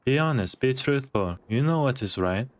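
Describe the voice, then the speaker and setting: A man's voice: mid-range voice, lively intonation, normal speed, lightly acted. A man voicing an indignant male protester in game role-play, speaking in broken English and lecturing insistently. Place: game voice chat.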